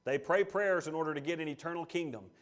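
A male pastor delivers a sermon in a slightly high voice. He preaches emphatically, rising to loud declarations and dropping to hushed asides. He reads scripture aloud and speaks God's lines in quotes. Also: fast.

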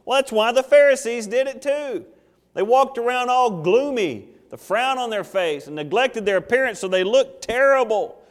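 A man's voice: extremely high pitch, moderate pace, big-room sound. A man preaching a sermon, telling stories with humor and acting out little scenes. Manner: animated, jokey storytelling with acted asides. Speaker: pastor.

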